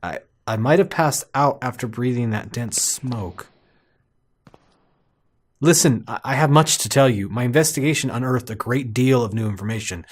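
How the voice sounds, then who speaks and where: A man's voice: medium pitch, moderate pace, pitched below the performer's own voice, natural voice. A man reading a shaken male investigator. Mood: urgent. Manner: reads dialogue aloud, plain voice.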